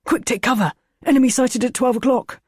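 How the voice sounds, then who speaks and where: A woman's voice: a little high, steady tone, brisk, a little mellow, slightly rough, dry recording, clean studio sound, pitched above the performer's own voice. A woman narrator voicing a joking young man who plays the fool with mock-dramatic lines. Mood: mock-alarmed.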